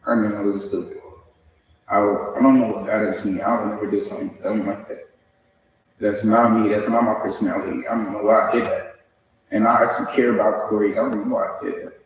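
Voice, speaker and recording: A young man speaking as a defendant at his sentencing, crying, remorseful and halting, often repeating himself. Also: fairly low pitch. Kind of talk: courtroom statement. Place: large echoey courtroom. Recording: echoey courtroom from far off.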